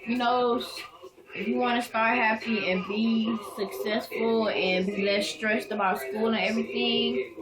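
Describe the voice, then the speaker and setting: A woman's voice: a little high, steady tone, unhurried, rough recording. Frank young woman giving advice. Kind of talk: casual chat. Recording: crowd noise behind.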